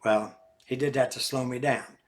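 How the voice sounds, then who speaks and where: An older man reading his own memoir aloud, folksy and animated. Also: mid-range voice, moderate pace, slight background noise. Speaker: author.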